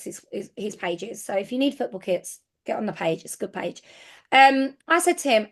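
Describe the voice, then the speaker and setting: A woman giving casual business coaching as a sales team leader, chatty and excitable with frequent restarts. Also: fairly high pitch, fairly quick.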